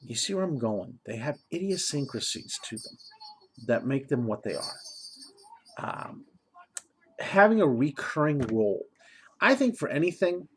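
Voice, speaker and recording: A man talking casually as a game master giving advice, rambling and correcting himself, chuckling often. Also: mid-range voice. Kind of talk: casual tutorial monologue.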